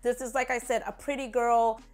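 A woman with a slightly high voice chats casually to camera as a vlogger. She is sassy and playful and laughs at herself as she goes. Soft music plays faintly behind her. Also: level tone, moderate pace. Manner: chatty, playful, sassy asides. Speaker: beauty vlogger.

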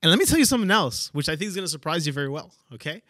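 A man's voice: a little high, big pitch swings, rapid-fire, bright, forceful tone, no echo, clean studio sound. A man hosting a podcast and giving a motivational monologue, stressing key words and checking in with "okay?" and "right?". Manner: emphatic, repeats "okay?" and "right?" for emphasis. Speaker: podcast host.

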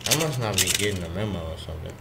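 A man commentating his own gameplay, frustrated and swearing at opponents, with loud game music and gunfire behind him. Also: low voice, animated, rapid-fire, vocal fry, very noisy. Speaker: gamer.

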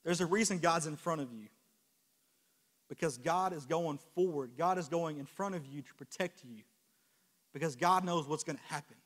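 A young adult man preaching a sermon, impassioned, moving from quiet confession to loud exhortation with repeated rhetorical questions. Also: on the high side, moderate pace. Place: church sanctuary. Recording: long church hall reverb.

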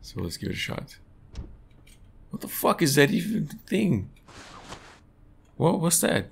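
A man's voice: low voice, big pitch swings, measured pace, creaky, long pauses, slight background noise. A man playing a horror game on his channel, swearing often and laughing nervously as he reacts. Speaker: gaming youtuber. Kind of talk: horror game let's play commentary.

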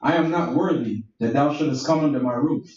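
A man reading Bible verses aloud in a steady, plain way. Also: mid-range voice, a little fast. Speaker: scripture reader. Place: church meeting room. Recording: echoey room, distant mic, dull sound.

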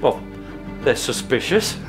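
A historian telling the story in an animated, chuckling way in a documentary interview. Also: male voice, slow, music in the background.

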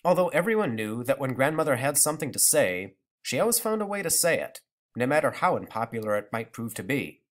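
Guy reading an audiobook, lively up-and-down voice, storytelling feel. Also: medium pitch, brisk. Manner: expressive storytelling. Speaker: narrator.

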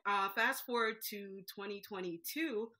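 Bright-voiced woman from Jamaica. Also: medium pitch, a little slow. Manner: lively, laughs often while talking. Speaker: guest business owner. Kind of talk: casual interview.

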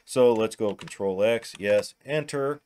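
A man's voice: lowish voice, measured pace, darkish tone. A man with a Midwestern American accent, casually talking through each step of a computer tutorial as he works. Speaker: tech tutorial host. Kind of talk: narrated screen-recording tutorial.

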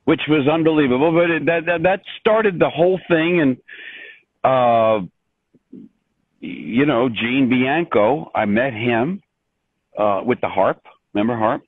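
An older man, a composer, telling stories in an interview with many restarts and an animated, rambling manner over a remote call. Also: mid-range voice, a little slow, long pauses, no echo. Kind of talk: storytelling in an interview. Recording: dry tinny phone-like line.

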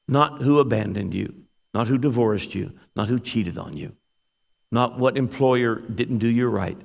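A man preaching a sermon as a guest speaker, telling a story with lively animation. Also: medium pitch, normal speed, gravelly. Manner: animated storyteller, shouts when acting out quotes. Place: church sanctuary. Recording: long hall reverb.

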